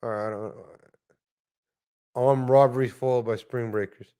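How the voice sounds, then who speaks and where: A man's voice: mid-range voice, fairly even intonation, normal speed, dark tone, smooth. A man hosting a live stream, commenting on viral videos in a blunt, profane, ranting way. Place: lives in Texas.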